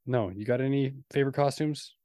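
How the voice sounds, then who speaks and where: A man of middle pitch co-hosts a laid-back podcast, joking and ribbing his partner in a playful way. His voice comes through dry and close, with no room sound. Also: brisk, mellow, dry recording. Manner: teasing, playful. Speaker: podcast co-host. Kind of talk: casual chat.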